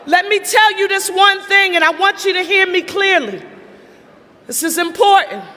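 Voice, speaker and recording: A middle-aged woman, a city mayor, giving a shouted rally speech full of call-and-response to a crowd. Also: very high voice, expressive. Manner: shouting, drawn-out emphatic delivery. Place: political rally before a cheering crowd. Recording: noisy rally with loud crowd.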